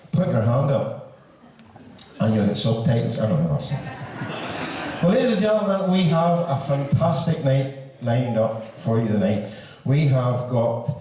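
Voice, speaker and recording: A man's voice: medium pitch, dark tone. A man with a Northern Irish accent compering a concert on stage, joking and chatty with the crowd. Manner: joking, chatty, puts on broad dialect. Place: large hall with live audience. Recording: echoey hall from far off.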